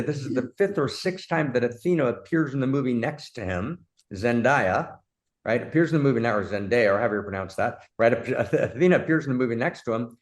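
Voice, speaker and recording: Effusive man discussing a film. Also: medium pitch. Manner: effusive and emphatic, with sudden excited bursts; warmly addresses his partner as "my friend". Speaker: host, philosopher.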